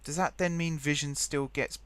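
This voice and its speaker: A man's voice: fairly high pitch, fairly even intonation, moderate pace, fairly bright tone, dry recording. A young man hosting a game let's play, rambling chattily and thinking aloud as he types. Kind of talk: casual gameplay commentary.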